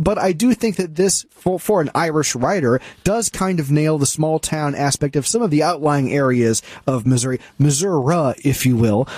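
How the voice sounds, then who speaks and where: A man's voice: fairly high pitch, a little mellow, husky, no echo. A man in a casual film-review chat, talking in a slightly raised voice. He is opinionated and loose, full of "uh"s and restarts. Close, dry studio sound. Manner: opinionated, conversational, many fillers and restarts. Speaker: film critic co-host. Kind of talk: casual movie review discussion.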